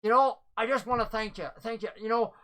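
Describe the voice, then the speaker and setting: A woman voicing an angry male human gambler who stammers, excitable and flustered. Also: a little high, a little fast, crowd noise, natural voice. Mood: apologetic.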